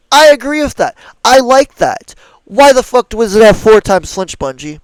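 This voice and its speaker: Young male streamer, exasperated profane rant, clear voice in a dead room. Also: high voice, dry recording, rough recording. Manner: angry, profane, exasperated ranting. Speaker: gaming streamer. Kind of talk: ranting gameplay commentary.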